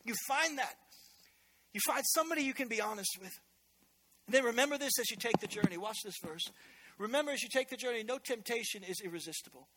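High bright-voiced pastor guy preaching in church, lively and chatty. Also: fast talker. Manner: energetic, conversational, joking asides. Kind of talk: sermon.

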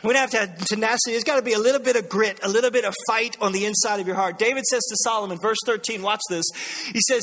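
Bright high-voiced preacher man. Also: fast talker. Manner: animated storytelling, acts out voices, laughs often. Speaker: pastor. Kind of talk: sermon with personal story.

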